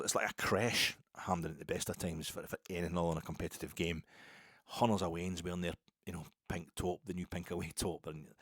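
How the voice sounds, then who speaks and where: An older Scottish man hosting a podcast tells a self-deprecating story, rambling casually with many restarts. His voice is low, and the studio sound is clean with no echo.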